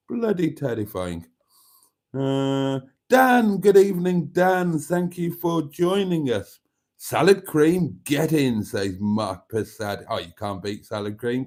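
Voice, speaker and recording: A Welsh-born man with a Birmingham accent hosting a casual livestream, chatty and jokey, reading out viewer comments and often clearing his throat. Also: on the high side, darkish tone. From Wales. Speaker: livestream host.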